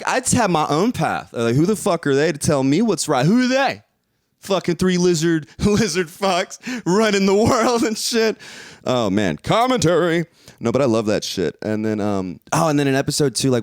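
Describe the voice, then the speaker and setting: A man's voice: on the low side, no room sound, studio quality. A young man giving a rambling, profane, casual spoken review, laughing often as he talks. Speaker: video reviewer.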